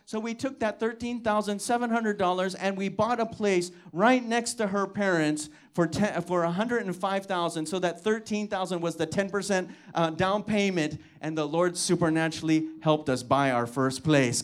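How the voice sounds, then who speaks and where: A man's voice: high voice, normal speed, few pauses. A man preaching to his church, telling a personal testimony and acting out the dialogue in it, with repeated calls of "come on". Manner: storytelling, acts out dialogue, exhorts with "come on". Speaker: pastor.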